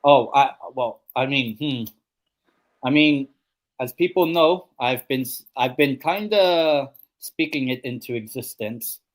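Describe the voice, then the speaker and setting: A man's voice: mid-range voice, slow pace. A young man hosting a live football watchalong stream, chatting casually and making predictions, rambling with lots of ums and obviouslys. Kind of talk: casual chat and match predictions.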